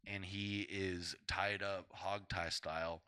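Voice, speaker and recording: A man's voice: sits low, takes it slowly, smooth, dry recording. A young man on a casual podcast, retelling a film's plot crudely and acting out the characters as he goes. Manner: animated storyteller acting out characters' voices. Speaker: podcast co-host.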